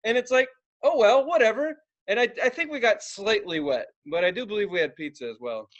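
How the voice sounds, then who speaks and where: With a high voice and quick pace, a young man co-hosting a podcast tells an animated story in casual conversation, erupting into loud acted-out outbursts. The audio sounds dull.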